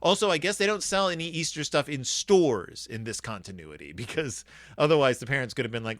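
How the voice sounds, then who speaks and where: A man's voice: mid-range voice, lively intonation, brisk, a bit bright, no echo, clean studio sound. A man hosting a podcast, chatting casually and enthusiastically about a children's book, rambling and acting out the characters. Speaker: podcast host reviewing children's books. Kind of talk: casual book review chat.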